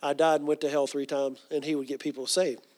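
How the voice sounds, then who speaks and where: High-voiced man preaching a sermon. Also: flat delivery, a little fast, darkish tone. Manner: earnest storytelling, with frequent fillers.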